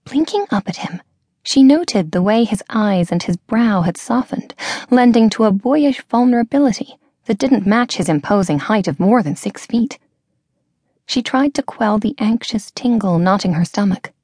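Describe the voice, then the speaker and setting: A woman narrating a story in a measured, expressive reading voice on a close microphone. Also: medium pitch, no echo. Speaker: audiobook narrator. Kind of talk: scripted narration.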